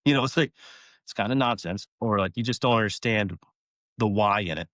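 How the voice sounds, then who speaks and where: A man in his thirties rattles along at a quick clip, piling up fillers and slipping into little acted-out exchanges as he tells how he coaches. His voice sits on the low side and is recorded close and dry, with no room sound. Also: lively intonation, a bit bright, no room sound. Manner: rambling, filler-heavy, acts out conversations. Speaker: college baseball head coach. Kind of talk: casual podcast interview.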